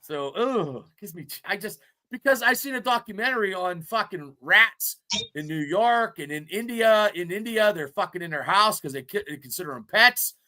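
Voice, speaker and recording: A man's voice: high-pitched, normal speed. A man in his fifties, a podcast co-host, telling rambling, profanity-filled stories in casual chat. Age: 50s. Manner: profane, rambling, animated storytelling.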